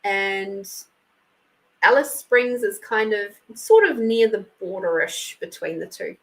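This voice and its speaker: A woman's voice: mid-range voice, lively intonation, slow, low-quality recording. An Australian woman hosting a casual live stream, chatty and laughing often as she thanks viewers by name. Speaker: intuitive reader and live stream host.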